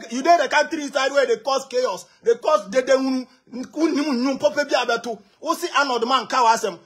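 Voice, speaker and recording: A Ghanaian man ranting heatedly in pidgin, taunting and shouting in bursts. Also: very high voice, slightly rough. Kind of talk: heated rant.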